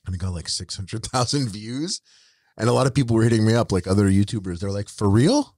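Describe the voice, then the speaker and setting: A man's voice: fairly low pitch, quick pace, a little mellow, no room sound, studio quality. A young man co-hosting a podcast, chatting loosely, swearing and acting out what others said. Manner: rambling, swears, acts out quotes of others. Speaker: podcast co-host. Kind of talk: casual chat.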